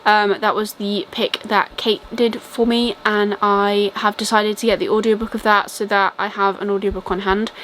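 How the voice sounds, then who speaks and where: A young British book vlogger chats casually through a reading update, rambling with plenty of ums and likes. Her mid-range voice is a bit bright, and the poor audio carries slight background noise.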